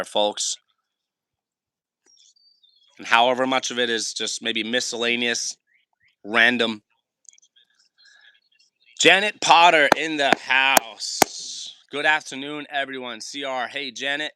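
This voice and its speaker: A man's very bright, forward voice, recorded close and dry with no room sound. He hosts a relaxed livestream Q&A for homesteading fans, reading viewer chat aloud and wandering from tip to tip, often stopping to correct himself. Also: mid-range voice, no room sound. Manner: rambling, self-correcting, chatty with viewers. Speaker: homesteading channel host.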